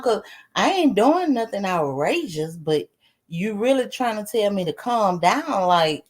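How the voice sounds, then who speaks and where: Animated woman telling a story to her chat. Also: medium pitch, unhurried. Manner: animated, swears freely, keeps asking the audience questions; laughs while talking. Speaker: live streamer. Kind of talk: casual storytelling to a live chat.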